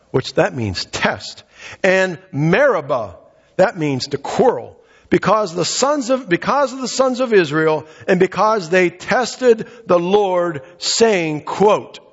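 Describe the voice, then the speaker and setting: This man's voice sits high with a breathy edge. He delivers a conversational sermon full of rhetorical questions, voicing the people he quotes, and the lo-fi recording sounds dull and echoes through a reverberant hall.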